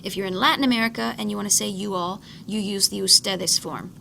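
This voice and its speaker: A woman's voice: medium pitch, fairly even intonation, fast, gravelly, pushed and bright, a little hiss or hum. A woman teaching a recorded lesson, explaining patiently, repeating key points and modeling each word's pronunciation. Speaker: Spanish teacher. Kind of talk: recorded slide lecture.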